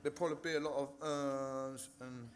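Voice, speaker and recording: Speaking brisk and flat in a mid-range voice, this man shares his recovery story before a live audience from a meeting-hall stage, with a little hiss or hum in the recording. He comes from Hertfordshire, England, and sounds nervous, swearing a lot and restarting his sentences.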